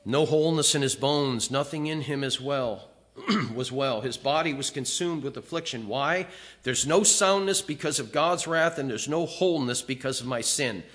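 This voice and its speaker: Man preaching, loud then hushed. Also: medium pitch, moderate pace. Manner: swings between loud emphatic lines and quiet, hushed confessions; reads scripture aloud with feeling. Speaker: pastor. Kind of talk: sermon.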